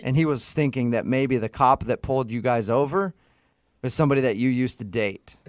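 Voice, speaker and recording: A man's voice: mid-range voice, brisk. A man hosting a radio show, asking a caller probing, teasing questions. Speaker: radio host.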